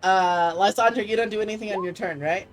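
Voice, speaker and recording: A woman game master narrates a tabletop game in a relaxed, chatty way, peppering her lines with fillers and easy laughter. Faint music sits under her voice. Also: medium pitch, fast talker.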